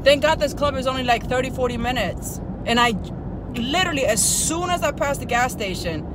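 A woman's voice: high-pitched, animated, a little fast. A woman vlogging outdoors at night near a gas station, cursing, scolding herself and bluntly lecturing her viewers. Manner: profane, self-scolding venting. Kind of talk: casual vlog monologue. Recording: outdoor traffic noise.

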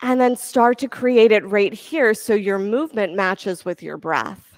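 A woman yoga instructor giving calm, encouraging cues for breath and poses during a class. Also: mid-range voice, unhurried, no room sound, studio quality.

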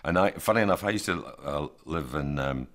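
Brief: very deep male interviewee, reflective, chatty. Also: expressive, fairly quick. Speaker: documentary interviewee.

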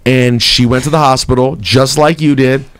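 A man's voice: medium pitch, fairly even intonation, moderate pace, no room sound. A man hosting a casual morning radio show, telling a story in a joking way and doing the voices of the people in it. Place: radio studio.

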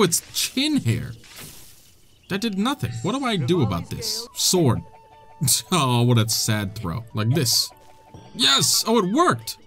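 A man's voice: a little high, fairly bright tone. A young man hosting a gaming channel, giving playful, jokey let's-play commentary and chatting to the characters on screen.

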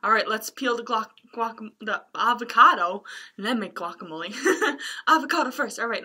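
A woman's voice: fairly high pitch, moderate pace, pushed and bright, husky. A young woman librarian reading a picture book aloud to small children in a playful sing-song way, making animal sounds and singing.

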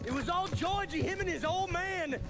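A desperate mobster. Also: male voice, extremely high pitch, normal speed. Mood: defensive. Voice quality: scared, begging drawl. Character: pleading middle-aged male mobster, desperate and cornered. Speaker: game character. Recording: game audio with loud music.

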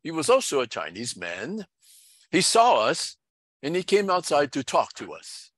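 Earnest pastor telling a story. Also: male voice, fairly high pitch, huge pitch swings, a bit bright, no room sound. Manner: measured, earnest storytelling with quoted dialogue. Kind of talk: storytelling sermon.

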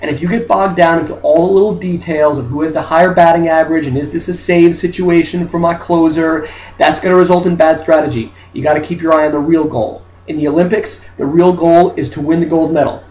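A man talks through a wry opinion monologue in a slightly high voice. He is emphatic and drops in mocking asides. The room around him is echoey. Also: steady tone, brisk, a little mellow, slight background noise. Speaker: commentator.

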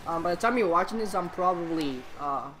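A man's voice: sits high, fairly quick, a little hiss or hum. Chatty young man with a cold. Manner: excitable, chatty, talks to the game. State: under the weather, coughing. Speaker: gaming channel host. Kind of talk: casual let's-play commentary.

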